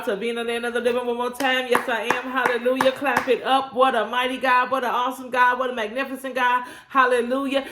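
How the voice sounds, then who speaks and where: A woman's voice: a little high, fairly bright tone. A woman leading a morning devotion on her own channel, preaching with call-and-response energy and folksy asides. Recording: roomy echo.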